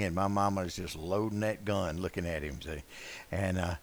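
An older man preaching a sermon, telling rambling anecdotes full of uh fillers and swinging between loud and soft passages. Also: sits low, fairly even intonation, moderate pace, no room sound. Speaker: pastor. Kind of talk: sermon with folksy storytelling.

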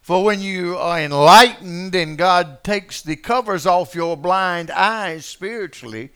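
A man preaching a sermon in a folksy, conversational way, asking his listeners questions and swinging from quiet asides to loud, passionate moments. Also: high-pitched, takes it slowly, clean tone. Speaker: pastor.

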